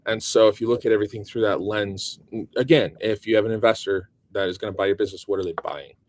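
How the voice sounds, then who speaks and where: A man as a guest in a casual interview, relaxed and thinking aloud with plenty of ums. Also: lowish voice, fast.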